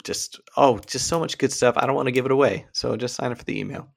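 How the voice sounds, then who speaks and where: A man's voice: medium pitch, fast talker, vocal fry. A man co-hosting a casual podcast, laid-back and self-deprecating in his banter. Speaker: podcast co-host.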